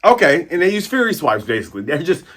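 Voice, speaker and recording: Fast-talking and excitable, a man runs through a casual manga chapter review, animatedly acting out scenes. His husky, slightly breathy voice jumps widely in pitch.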